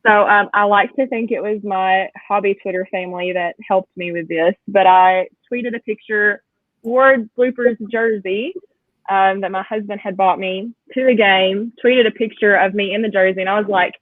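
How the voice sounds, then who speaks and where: A woman's voice: medium pitch, fairly even intonation, moderate pace, no room sound. A woman guest chatting in a casual interview, enthusiastic and talkative, laughing often, speaking over a video call. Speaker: guest collector. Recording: tinny phone-like call audio, dry.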